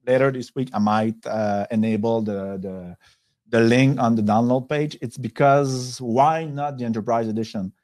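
A man with a French accent speaks at a mid pitch over what sounds like a video call. His webinar presentation moves haltingly, full of pauses and self-restarts. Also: darkish tone. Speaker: software company executive.

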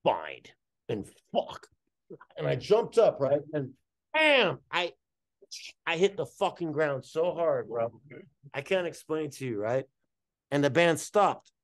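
A man guest artist telling a long story in casual talk, animated and slangy, swearing freely. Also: on the high side, normal speed.

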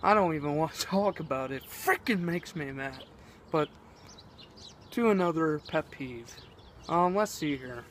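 A man's voice: fairly high pitch, lively intonation, unhurried, a bit bright, slight background noise. A teenage boy vlogging, rambling and exasperated as he rants, swearing often. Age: teens. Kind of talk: ranting vlog.

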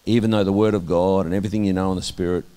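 An Australian man sharing candid testimony in an interview, earnest and halting, with many restarts and a voice that drops soft at times. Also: sits low, fairly even intonation, clean tone. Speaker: interviewee, minister.

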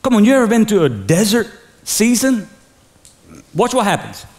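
A man preaching in a church in an energetic sermon style, often pushing the room to say the words back with him. His voice sits a little higher than most men's. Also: normal speed. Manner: energetic preaching with call-and-response. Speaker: pastor. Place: church sanctuary.

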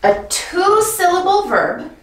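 A woman teaching an English grammar lesson in a clear, patient way, often checking in with the viewer. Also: very high voice, sing-song, slow pace, fairly bright tone, echoey room, recorded from a distance, rough recording.

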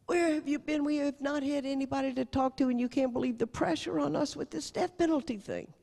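A woman's voice: steady tone, fairly quick, vocal fry, mellow. A woman voicing a friendly, direct, grieving Cajun father during a lecture. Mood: pleading. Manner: direct, pleading, raised in pitch. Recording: echoey lecture hall.

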